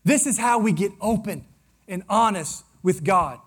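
A man preaching a sermon to his congregation, swinging between loud declarations and hushed, close asides. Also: high voice, expressive, measured pace, slightly rough. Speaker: pastor.

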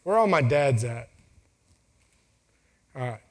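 A man's voice: mid-range voice, lively intonation, measured pace. A man in his thirties giving a casual talk to an audience, joking and acting out quotes in family stories. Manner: joking, storytelling, acts out quotes. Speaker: speaker. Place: venue with a timer for speakers.

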